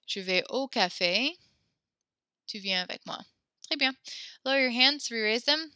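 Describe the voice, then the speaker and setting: A fairly high, expressive voice belongs to a woman teaching French, sounding pushed and bright with no echo. She rattles off instructions in a mix of English and French, frequently fixing her words partway through.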